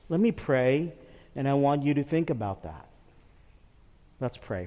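A man preaching a sermon as pastor in a church, earnest and measured, dropping softly when praying or recalling personal memories. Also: a little high. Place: church sanctuary. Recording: long hall reverb, dull lo-fi sound.

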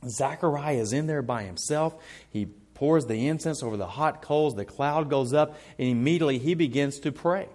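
A man's voice: on the high side, normal speed, a little mellow. A man preaching a sermon, earnest and emphatic, often repeating words as he starts a thought. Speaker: pastor.

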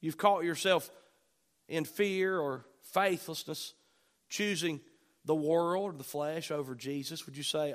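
A man preaching a sermon to a congregation, fervent, rising to loud bursts and dropping to soft asides. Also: sits high, a little slow. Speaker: pastor.

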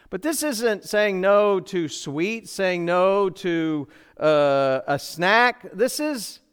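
A man's voice: on the high side, clean tone. A middle-aged man preaching a sermon in a church, emphatic, asking the congregation rhetorical questions. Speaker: pastor. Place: church sanctuary.

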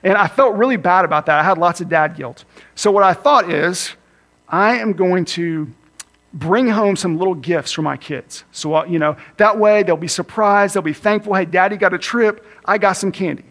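A man with a fairly high voice preaches a sermon in an earnest, personal tone. He slows down and speeds up to stress his points. He sounds like he is in his thirties. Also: fairly bright tone. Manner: earnest, varies pace for emphasis, acts out his kids with a higher voice. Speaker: campus minister preaching.

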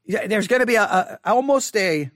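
Male Bible teacher, high voice, dry close sound, earnest and repetitive, online lesson. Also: animated, a bit bright, no room sound. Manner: repetitive, earnest, restarts and emphatic slow repeats.

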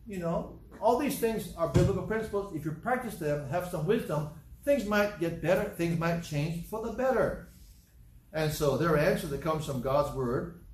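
A man's voice: fairly high pitch, animated, normal speed, distant mic. Emphatic preaching man in an echoey room. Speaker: pastor. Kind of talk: sermon.

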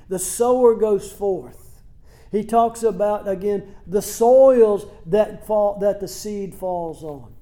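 A pastor delivers an expository sermon at an unhurried, measured pace, his voice pitched fairly high for a man. He talks plainly, asking his listeners rhetorical questions and putting scripture scenes into everyday words. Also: dark tone.

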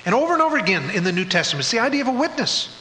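A man's voice: very high-pitched, big pitch swings, very fast, sharp tone. A man teaching a church Bible study, working through his points in order and sometimes restarting a phrase. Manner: methodical, lists points, occasional restarts. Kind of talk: sermon-style Bible teaching. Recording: echoey hall with faint hum.

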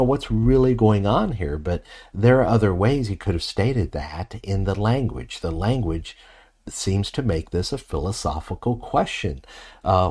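A man delivers an expository sermon, working through the text in a measured, reflective manner. His voice sits low and carries a husky edge. He often pauses to pose rhetorical questions to his listeners. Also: darkish tone. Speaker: preacher.

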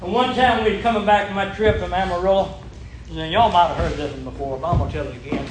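Folksy older man, high voice. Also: fast talker, a crowd in the background. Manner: chuckling, repetitive, folksy. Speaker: ministry worker. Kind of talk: folksy testimony storytelling. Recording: echoey room with background noise.

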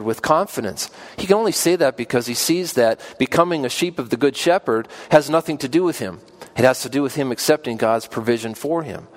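A man preaching a sermon in an earnest way, climbing to emphatic peaks and then dropping soft and low. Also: a little fast. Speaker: pastor.

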